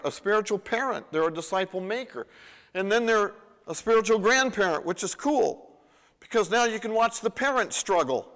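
A pastor delivers his sermon with animated emphasis, swinging between loud, excited lines and quiet, intimate ones. His voice sits a little high for a man, and he often restarts and repeats words. The long reverb of the church hall trails after each phrase. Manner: animated, emphatic preaching with rising and falling intensity.

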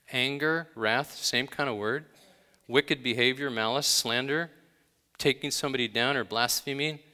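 A man's voice: mid-range voice, measured pace, long pauses, pushed and bright. A male pastor giving a conversational, emphatic sermon, telling everyday stories with dramatic gasps. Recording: long hall reverb.

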